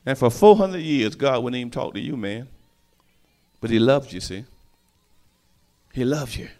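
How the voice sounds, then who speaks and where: A man preaching a sermon, calling out to the congregation and swinging from hushed asides to shouted lines. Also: mid-range voice, very animated, normal speed.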